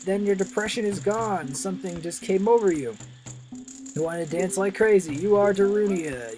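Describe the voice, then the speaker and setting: A tired gameplay narrator giving casual walkthrough commentary, rambling and offhand as tips drift into asides. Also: medium pitch. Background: game music.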